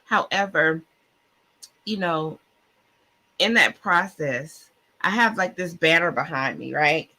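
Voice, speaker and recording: A woman speaks with fervent, heartfelt passion on a podcast, her voice bright and forward with a noticeable husky edge. She sometimes trips over her words, as a self-described stutterer would. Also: low-pitched, lively intonation, takes it slowly, long pauses. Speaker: podcast guest co-author. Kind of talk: emotional faith-filled podcast chat. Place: Clubhouse-style online audio room.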